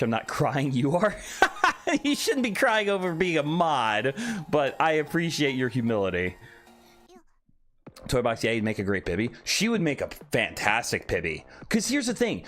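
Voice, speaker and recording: A man streaming live, chatting casually and playfully while reading out and answering his chat. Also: mid-range voice. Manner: animated, reads chat aloud and answers playfully. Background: faint background music.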